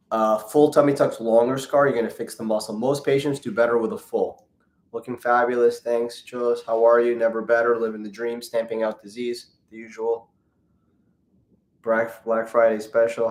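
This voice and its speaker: A man's voice: medium pitch, little pitch movement, normal speed. A man, a plastic surgeon, hosting a casual live Q&A, reading viewer comments aloud and joking as he greets people by name. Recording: roomy echo.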